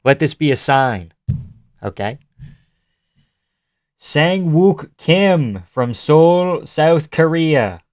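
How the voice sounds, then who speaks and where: A man reacts to fights on a live stream in loose, profane chat and talks back to his viewers as he watches. His voice is smooth and resonant, close on the mic with a dry, dead sound. His pitch sits in an ordinary middle range. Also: lively intonation, extremely slow, long pauses, dry recording. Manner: loose, profane, chatty, greets chat by name. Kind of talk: casual live-stream commentary.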